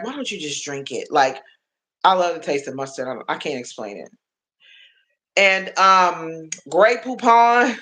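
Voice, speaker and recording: A woman's voice: mid-range voice, a bit bright. A woman in her forties chatting casually on a livestream, motherly and affectionate, laughing often and talking to viewers by name. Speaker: livestream host.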